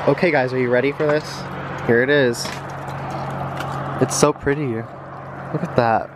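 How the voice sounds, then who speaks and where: A man's voice: medium pitch, steady tone, unhurried, noisy background. Chatty man vlogging in the cold. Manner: chatty, talking to camera. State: shivering from cold. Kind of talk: casual travel vlog. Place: outdoors in a snowy national park.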